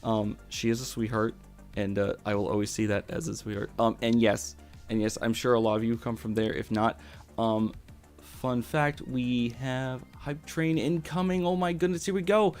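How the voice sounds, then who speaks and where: A man's voice: medium pitch, fairly even intonation, normal speed, darkish tone, soft background music. A young man streaming live, gushing thanks to his viewers with many fillers and repeated words. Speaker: VTuber streamer. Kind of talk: excited live-stream chat.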